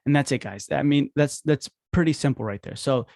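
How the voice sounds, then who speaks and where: A man in a casual instructional talk who acts out phone calls with quick voice shifts. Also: mid-range voice, gravelly, a little mellow, dry recording, clean studio sound. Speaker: podcast host teaching dental marketing.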